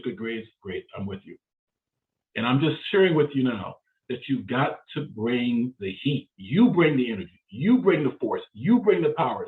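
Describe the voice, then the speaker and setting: A man giving a live career seminar in an energetic, emphatic way, driving points home with short repeated phrases. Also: mid-range voice. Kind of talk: motivational seminar talk. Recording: phone-like narrow band.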